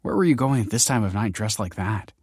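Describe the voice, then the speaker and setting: A man's voice: on the low side, lively intonation, a little fast, darkish tone, breathy edge, no room sound, clean studio sound. A man voicing an earnest, troubled young man who talks in a glum, self-deprecating way.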